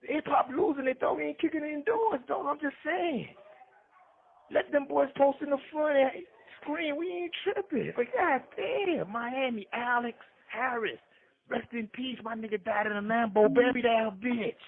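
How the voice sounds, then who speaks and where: This man's voice sits very high and comes through husky and breathy. He tells slangy, rambling stories, hopping from one name to the next. The sound is thin and tinny, like a phone call. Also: normal speed. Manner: slangy, jumps between names and stories. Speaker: podcast guest. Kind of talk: rambling street storytelling.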